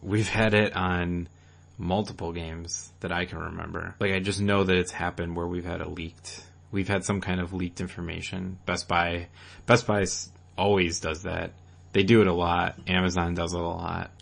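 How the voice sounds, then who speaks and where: A young man with a low, deep voice co-hosting a gaming chat show. He talks in a loose, rambling way, circling back on himself and dropping casual swears as he goes. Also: little pitch movement, normal speed, gravelly, fairly bright tone. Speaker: podcast co-host.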